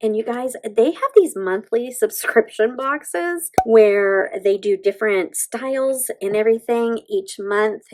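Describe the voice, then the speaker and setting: A woman's voice: mid-range voice, lively intonation, slow, hardly any pauses, darkish tone, poor audio. A woman, chatting casually through a nail stamping tutorial and gushing to her viewers as she works. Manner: bubbly, gushing, talks to viewers as "you guys". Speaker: beauty vlogger.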